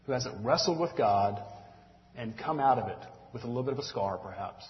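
A middle-aged Southern man from Mississippi gives a folksy, earnest talk to a church group, addressing them as y'all. His voice has a medium pitch for a man. It is captured on a dull, muffled recording with the long reverb of a large hall. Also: lively intonation, fairly quick. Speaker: church teacher. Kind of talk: conversational sermon. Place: church room with audience.

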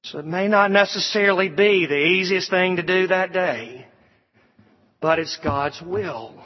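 A man's voice: sits high, a little slow. A man preaching a sermon, quoting scripture and building through repeated appeals. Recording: dull sound with long hall reverb.

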